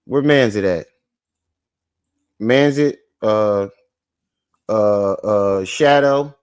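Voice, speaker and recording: A man hosting a casual livestream, loud, profane and teasing as he jokes with the chat. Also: fairly low pitch, very slow, clear, resonant tone. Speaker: livestream host.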